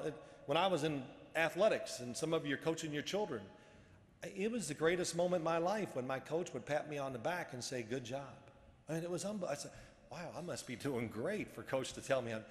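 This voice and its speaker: A luncheon speaker with a voice on the high side delivers a casual motivational talk in a large event hall. His story wanders, with many restarts.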